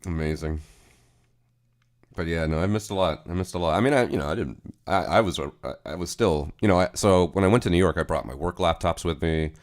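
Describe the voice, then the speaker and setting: Man, livestream host, extremely deep voice, rambling profane chat. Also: fairly quick. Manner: rambling, profane, chatty, with frequent restarts. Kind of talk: casual livestream commentary.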